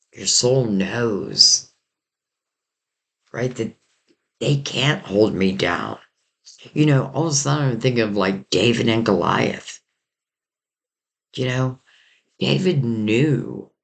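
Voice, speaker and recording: Vocal fry runs through this man's mid-range voice as he gives a casual, meandering tarot reading. He pauses to reflect, fills gaps with fillers, and his voice is wearing out.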